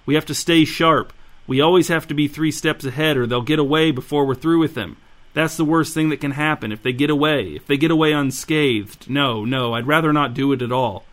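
A man's voice: on the high side, fairly quick, fairly bright tone, close to an everyday voice. A man doing a cold, scheming teen ringleader. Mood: sharp, insistent.

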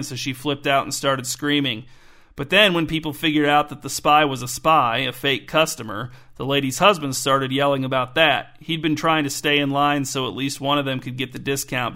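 A man's voice: mid-range voice, pushed and bright, close to an everyday voice. A man reading the part of a hesitant young person recounting events in a rambling, unsure way in an audiobook.

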